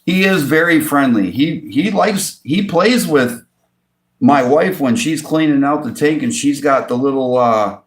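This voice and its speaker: A man hosting a casual livestream from his home beside a fish tank. He chuckles often and coos at his pet fish in sudden high bursts. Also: unhurried. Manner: chuckles often between remarks. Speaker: fishing channel host.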